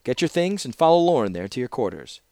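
A man's voice: mid-range voice, very animated, fast talker, vocal fry, darkish tone, no room sound, clean studio sound, voice pushed up. A man voicing a stern, commanding female scholar who scolds sharply. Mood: scolding.

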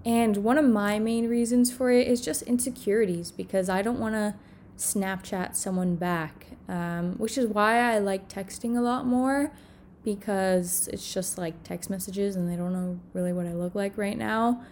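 A woman's voice: mid-range voice, steady tone, moderate pace, darkish tone, slight background noise. Tearful young woman, rambling confession. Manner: tearful, rambling, heavy on filler words. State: on the verge of crying. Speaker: content creator. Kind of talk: emotional confessional vlog. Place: alone in her room.

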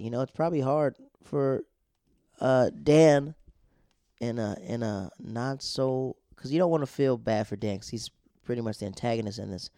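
A man's voice: fairly low pitch, warm tone, no echo, studio quality. A man casually recapping a TV episode in a slangy, laid-back storytelling way.

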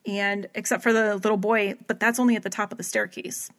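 A woman's voice: medium pitch, fairly even intonation, a little fast. Woman just chatting, telling a long rambly story, says like a lot, acts out what people said. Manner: rambling storyteller, heavy use of "like", acts out quotes. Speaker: podcast co-host recapping a paranormal TV episode. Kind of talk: casual chat.

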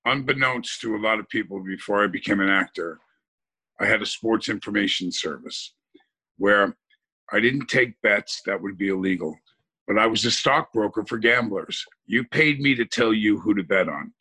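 A man's voice: fairly low pitch, moderate pace, pushed and bright, husky. A man chatting on a podcast in long, emphatic run-on sentences. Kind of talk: casual chat.

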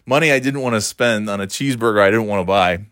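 A man's voice: on the low side, fast, no room sound, clean studio sound. A man telling a casual, swear-laden anecdote, tired and exasperated, with mocking asides. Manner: animated, swearing, mocking voices in quotes. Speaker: storyteller.

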